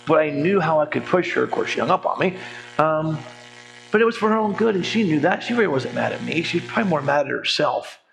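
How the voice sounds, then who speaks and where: A man in his forties teaches a church money class, chatting and telling stories. He acts out the people he quotes and slips in jokes. His voice sits a little high, and a faint hum runs under it. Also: expressive, fast talker, creaky. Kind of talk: conversational teaching talk with stories. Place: church hall.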